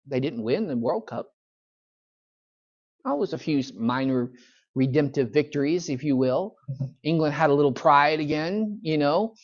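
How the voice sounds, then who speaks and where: A man's voice: a little high, moderate pace. A man, a pastor teaching a church Bible study in a folksy, conversational storytelling manner. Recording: dull lo-fi church recording.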